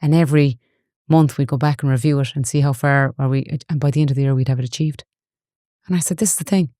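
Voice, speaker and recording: Brief: Galway Irish woman, forties, rapid and chatty guest, smooth clear voice, dry close sound. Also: extremely low pitch, steady tone, dark tone, no room sound. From Ireland. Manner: chatty storyteller, earnest. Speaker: guest, online safety educator. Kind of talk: casual interview chat.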